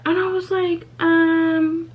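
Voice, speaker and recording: A young woman who vlogs about beauty answers questions while getting ready, her high voice moving at normal speed. She is casual and candid, swearing freely and saying "like" and "um" constantly; the recording is lo-fi and a bit muffled.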